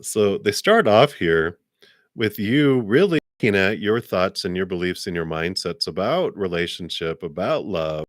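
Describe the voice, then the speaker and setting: A man's voice: animated, measured pace, no echo, clean studio sound. A man doing a live tarot card reading, chatty and laughing often. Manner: chatty, laughs often, voices guides with sassy high "girl".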